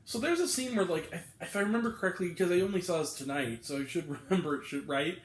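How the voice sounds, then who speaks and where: Animated, high-voiced rambling male reviewer. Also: fast, echoey room. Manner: animated, exasperated, rambling with many fillers. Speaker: movie reviewer. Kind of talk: casual spoken film review.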